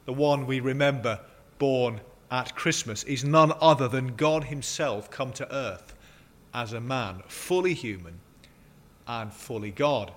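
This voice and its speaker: A man preaching, opening with a prayer and reading a story aloud, slowing down on key words. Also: medium pitch, a bit bright. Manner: measured, slows on key words.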